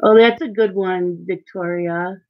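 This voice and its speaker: With phone-quality sound, a woman hosts her coloring live stream in a lowish, steady voice that runs a little slow. She keeps up a chatty conversation, voicing viewers' comments and answering them.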